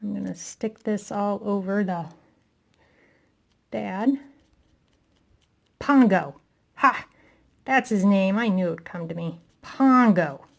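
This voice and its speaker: A woman's voice: medium pitch, a little slow, gravelly, long pauses. A woman chatting casually through a craft tutorial, talking to herself as she works, self-deprecating and a little out of breath.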